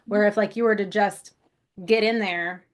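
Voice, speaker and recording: Ny woman on a podcast, rambly storyteller, cusses easy, mid pitch. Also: steady tone, normal speed. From South Buffalo, New York. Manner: rambling storyteller, swears casually, laughs often. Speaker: podcast co-host. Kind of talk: casual chat.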